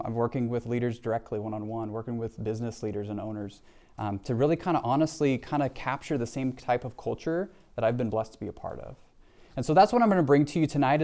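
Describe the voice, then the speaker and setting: A man's voice: medium pitch, warm tone. Middle-aged male leadership speaker, earnest, heartfelt live talk, addresses the crowd directly. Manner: earnest and heartfelt, with frequent "right?" asides. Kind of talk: live motivational talk to an audience. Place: event venue with a live and online audience.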